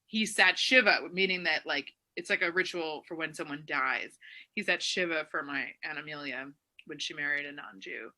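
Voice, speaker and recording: A woman co-hosting a podcast, chatting casually and telling animated stories with loud acted quotes. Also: sits low, normal speed. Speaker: podcast co-host. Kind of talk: casual chat.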